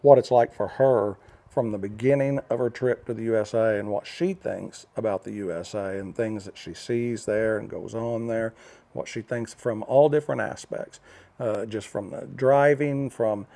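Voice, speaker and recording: A man's voice: lowish voice, moderate pace, gravelly, mellow. An older man from the United States telling a story in a casual talking-head vlog, rambling with fillers and restarts. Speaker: vlogger.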